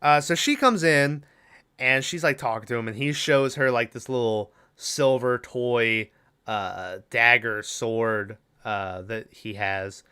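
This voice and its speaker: A man's voice: medium pitch, slow, bright, forceful tone, clean tone. A man co-hosting a podcast, rambling through a casual movie recap with lots of fillers and swearing. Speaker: podcast co-host.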